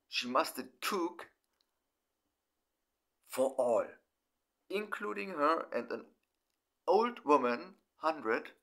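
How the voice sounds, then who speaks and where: A middle-aged German man speaking in halting, broken English. He talks through his feelings in a personal monologue and swears often. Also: mid-range voice, fairly bright tone. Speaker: vlogger.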